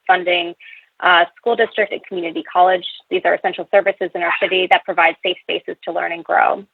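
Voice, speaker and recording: A woman with a husky, lowish voice reads prepared testimony at a public budget hearing, sounding earnest and filling the gaps between points with fillers. The sound is dry and tinny, as if over a phone line, with no echo.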